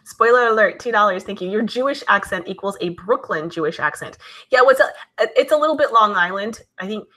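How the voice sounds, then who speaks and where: Reading her chat aloud and answering viewers in a conversational manner, a woman hosts a casual live stream. Her mid-range voice is bright and forceful, with lively intonation and a fairly quick pace.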